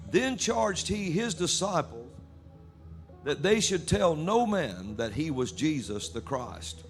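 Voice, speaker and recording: A man preaching a sermon at a church service, reading scripture aloud with animated delivery. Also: a little high.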